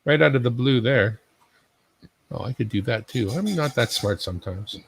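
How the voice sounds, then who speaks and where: A man's voice: mid-range voice, moderate pace, gravelly, husky, rough recording. A man hosting a casual live stream, commenting in a joking, self-mocking, chatty way. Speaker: livestream host.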